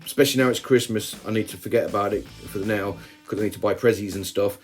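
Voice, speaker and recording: A man's voice: on the low side, fairly even intonation, fast, soft background music. A man narrating a casual hobby vlog, chatty and self-deprecating, wandering off into asides as he talks. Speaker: ant-keeping hobby vlogger.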